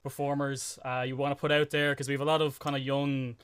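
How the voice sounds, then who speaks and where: A man's voice: medium pitch, little pitch movement, a little fast, fairly bright tone, clear, resonant tone, dry recording. A man hosting a casual podcast interview, asking rambling questions full of fillers. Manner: hesitant, filler-heavy questions. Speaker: podcast host.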